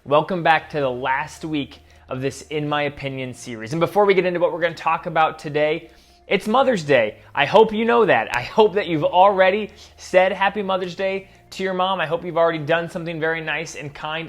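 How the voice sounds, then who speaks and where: A man's voice: a little high, fairly quick, a bit bright. A man hosting a kids' ministry talk, friendly and chatty, speaking straight to the viewer. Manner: friendly, direct address, chatty asides. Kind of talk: scripted talk to kids at home.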